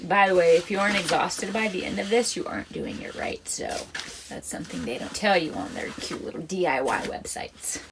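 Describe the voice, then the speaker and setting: A woman's voice: lowish voice, expressive, brisk, vocal fry, noisy background. A woman chatting casually in a do-it-yourself craft vlog at home, rambling and joking at herself with little laughs. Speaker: vlogger.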